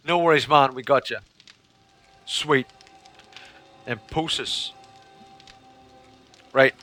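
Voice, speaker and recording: Brief: male game streamer, casual chat, bright tone, lively intonation. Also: mid-range voice, unhurried, long pauses, no room sound. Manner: reads chat aloud and thanks followers, joking.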